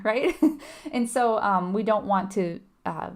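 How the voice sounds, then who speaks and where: A woman with a mid-range voice leads a live nursing exam review at a measured pace. She talks conversationally, asks her audience questions, and often says "right?"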